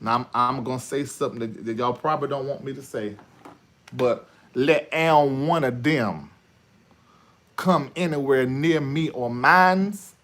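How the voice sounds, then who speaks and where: A man hosting a live online talk show, thinking out loud in an animated monologue that swings from shouting to muttering. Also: mid-range voice, a little slow. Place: studio.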